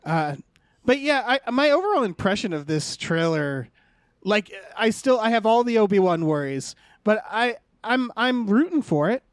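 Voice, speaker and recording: A man with a high voice co-hosting a relaxed film podcast. He jokes, swears casually and laughs along with the others. The sound is dry and close to the mic. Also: moderate pace, no echo. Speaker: podcast co-host. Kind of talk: casual movie chat.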